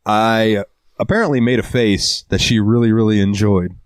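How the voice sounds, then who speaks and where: A man's voice: on the low side, normal speed, no room sound. A man hosting a casual podcast, telling a story full of swearing. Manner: profane, animated storytelling. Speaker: podcast host. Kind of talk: casual chat.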